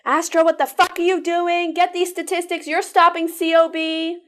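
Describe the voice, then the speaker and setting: A woman putting on the voice of a bossy female senior staffer who yells demands. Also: extremely high pitch, little pitch movement, normal speed, voice pushed up. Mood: furious. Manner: yelling, abrupt, bossy.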